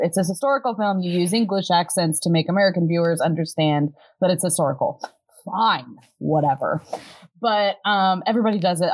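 A woman on a movie podcast making wry, expressive asides in casual chat. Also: lowish voice, rough recording.

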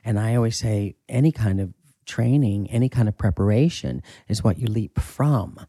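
A man talking as an acting coach in a casual interview, candid and emphatic, with a husky voice and the odd swear. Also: lowish voice, normal speed, dark tone, dry recording.

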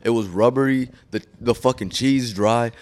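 Young male podcast host, animated storyteller, casual and profane. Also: mid-range voice, normal speed, a little hiss or hum. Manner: animated storytelling, heavy cursing and filler. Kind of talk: casual chat.

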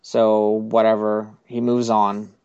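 A man's voice: lowish voice, monotone, slow, darkish tone, smooth, no echo, highs cut off. A young man hosting a podcast, recapping an anime episode in a loose, rambling way with casual swearing. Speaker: podcast host.

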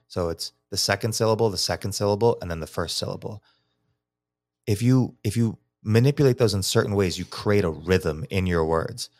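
Low-voiced man explaining things. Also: normal speed, no room sound, studio quality. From New York. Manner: explanatory, thinks aloud with restarts. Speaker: teacher and psychology researcher, guest. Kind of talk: casual podcast interview, explaining poetry.

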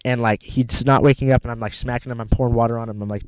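A man's voice: medium pitch, brisk, clean tone, no room sound. Swearing man telling a wild story. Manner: rambling, heavy swearing, animated retelling. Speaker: rideshare driver telling a story. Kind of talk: casual storytelling chat.

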